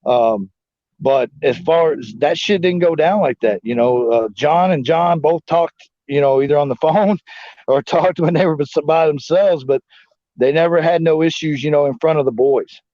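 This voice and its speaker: A man's voice: fairly high pitch, normal speed, no room sound. A man telling stories in a casual interview, rambling and profane, full of fillers like "you know what I'm saying". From United States. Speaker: interview guest, former wrestler and Marine. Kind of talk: casual storytelling shoot interview. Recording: dull dry lo-fi audio.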